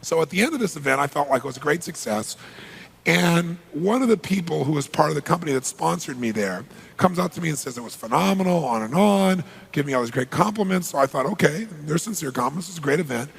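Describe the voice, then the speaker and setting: Gravelly husky man telling stories on stage. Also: on the high side, a little fast, in a large hall. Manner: energetic, acts out dialogue, asks the audience questions. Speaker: motivational speaker. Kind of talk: live seminar storytelling. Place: large seminar hall.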